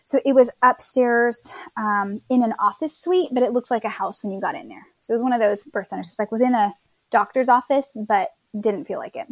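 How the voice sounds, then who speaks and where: A woman's voice: on the high side, animated, fairly quick, no echo. A young woman casually telling her birth story, chatty, quoting others and laughing at herself.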